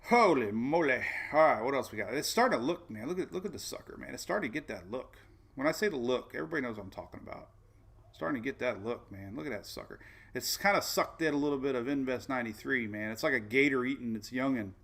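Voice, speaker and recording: A man's voice: mid-range voice, animated, fast talker, gravelly, fairly bright tone, husky. A man hosting a casual weather livestream, chatty and folksy, often repeating himself and saying "man". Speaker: weather show host.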